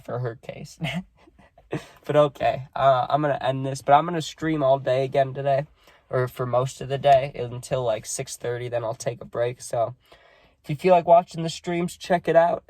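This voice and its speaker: A man's voice: mid-range voice, fairly even intonation, normal speed, a little mellow, dry recording. Subdued man with a dry close sound. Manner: rambling, with many fillers. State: sad, subdued. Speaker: vlogger. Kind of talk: casual vlog talk.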